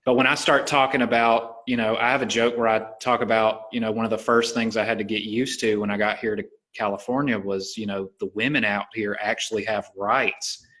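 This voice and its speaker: A man's voice: lowish voice, fairly quick, few pauses. Southern-accented male comedian, casual. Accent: Southern American. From American South. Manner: relaxed storytelling, many fillers like "like" and "you know". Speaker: podcast host, stand-up comedian. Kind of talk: casual conversation.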